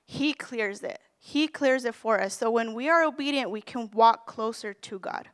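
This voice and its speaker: A woman's voice: a little high, moderate pace, smooth. Earnest woman minister preaching. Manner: earnest, counts off numbered points, quotes scripture; candid and self-deprecating when telling her story. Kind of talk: sermon with personal story.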